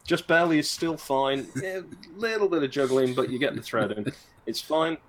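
A man's voice: mid-range voice, moderate pace. A man running a tabletop game as game master, talking in a hesitant, dry and wordy way.

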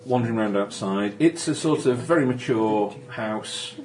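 A man's voice: medium pitch, normal speed, a little mellow. A man running a tabletop game as game master, describing scenes with many ums and restarts. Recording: noisy recording.

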